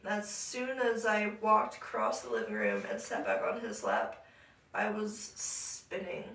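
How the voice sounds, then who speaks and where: A young woman co-hosting a podcast, telling a story in a casual, animated way, laughing often and acting out what people said. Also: mid-range voice, a little slow, recorded from a distance. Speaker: podcast co-host. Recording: echoey room, voice off-mic.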